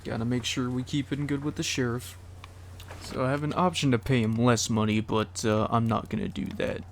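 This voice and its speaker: A man plays through a video game and reads the dialogue options aloud in a flat, even voice. He adds dry asides between lines, with faint noise under his recording. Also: medium pitch, a little fast. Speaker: gamer. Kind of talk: casual gameplay commentary.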